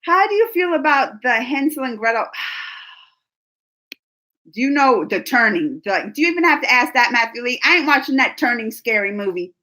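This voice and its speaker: A woman in her forties hosting a casual livestream, chatting with viewers in a rambling, animated way and laughing often. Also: a little high, normal speed. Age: 40s. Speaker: livestream host reading chat. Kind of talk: casual live chat.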